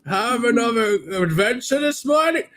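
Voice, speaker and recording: A man's voice: very high-pitched, animated, moderate pace, pushed and bright, pitched above the performer's own voice, exaggerated voice. A man voicing a fatherly old talking tree who dotes on the boy living inside it, in a cheery theatrical voice. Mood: booming cheer.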